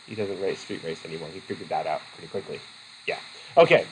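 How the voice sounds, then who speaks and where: A man's voice: low voice, quick pace, a little hiss or hum, rough recording. A male instructor giving a casual, rambling classroom lecture, often interrupting himself mid-sentence. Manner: chatty, rambling, self-interrupting. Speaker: college instructor.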